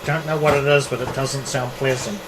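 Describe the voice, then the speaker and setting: Polite hesitant player, air-con hum behind. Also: male voice, medium pitch, fairly quick. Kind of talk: casual role-play. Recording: steady air-conditioning hum.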